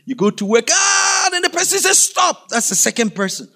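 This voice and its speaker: A man preaching, from Africa, telling a story in an animated way and acting out the scenes with sudden shouts. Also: extremely high pitch, fast talker. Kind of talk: storytelling sermon.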